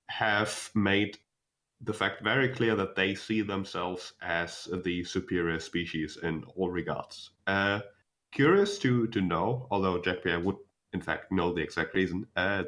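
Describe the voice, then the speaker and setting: A young man narrating as game master, explaining calmly with many fillers and restarts. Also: low voice, a little slow.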